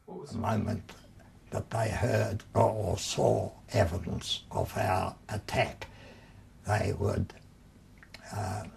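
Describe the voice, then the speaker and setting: An older man, telling his memories in an interview in a slow, measured way with long pauses. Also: lowish voice, steady tone, creaky, a little mellow, a little hiss or hum. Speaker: war veteran interviewee. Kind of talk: reminiscing in an interview.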